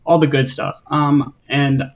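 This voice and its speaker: A man's voice: a little high, little pitch movement, unhurried. Rambling man in his twenties calling in. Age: 20s. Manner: rambling, earnest, long-winded. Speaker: caller. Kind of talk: call-in question.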